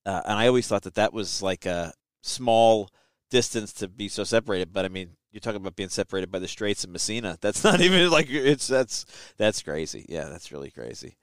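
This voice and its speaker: A man's voice: fairly low pitch, animated, fairly quick, a bit bright, clean tone, no room sound, studio quality. A man hosting a podcast, speaking in a thoughtful, reflective casual way. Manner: thoughtful, reflective, laughs readily. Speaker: podcast host.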